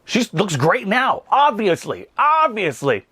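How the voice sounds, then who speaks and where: A man in his thirties giving a casual, comedic movie recap, animated and rambling. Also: sits high, slow, breathy edge, no echo. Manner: animated, rambling, laughs at his own jokes. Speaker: movie reviewer.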